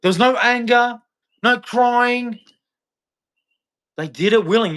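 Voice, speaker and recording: A male vlogger with a high-pitched, fairly bright voice rants about faith straight to camera at a measured pace, pausing often. His preachy delivery is repetitive and heckling, challenging the listener.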